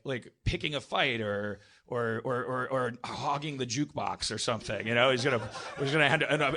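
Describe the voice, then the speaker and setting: A man's voice: mid-range voice, bright, forceful tone. A man hosting a live comedy podcast, telling a rambling story on stage, breaking off and restarting his sentences often. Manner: rambling, self-interrupting, lots of restarts.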